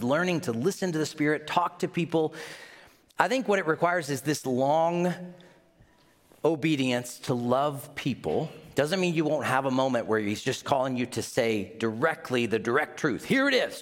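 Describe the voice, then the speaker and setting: A man with a Midwestern accent preaching a sermon as pastor, conversational, putting questions to the congregation and acting out little scenes in mock voices. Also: medium pitch.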